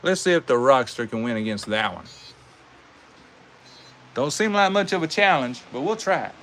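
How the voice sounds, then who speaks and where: A man's voice: medium pitch, lively intonation, a bit bright, a little hiss or hum. A man with a Southern US accent, hosting a live toy car race and giving casual, folksy commentary. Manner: folksy, drawn-out, says "y'all". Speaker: host racing toy cars.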